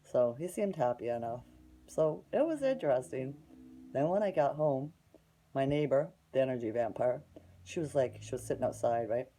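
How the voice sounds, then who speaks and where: A woman's voice: very deep voice, lively intonation, normal speed, mellow. A woman telling a long story in a casual, rambling way, bluntly scornful and tagging her sentences with "right?". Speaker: vlogger.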